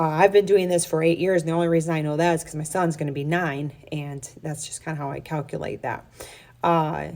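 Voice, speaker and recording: A woman's voice: sits low, creaky, darkish tone. A woman fitness coach giving an earnest, encouraging and emotional pep talk in a casual vlog. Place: her workplace on an off day.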